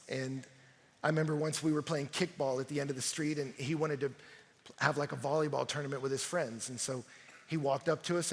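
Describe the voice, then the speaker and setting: A man preaching a sermon at a youth camp, telling stories with animated energy that rises to shouts. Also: on the high side. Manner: animated storytelling, rising to shouts. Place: large arena at a youth camp. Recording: long arena reverb.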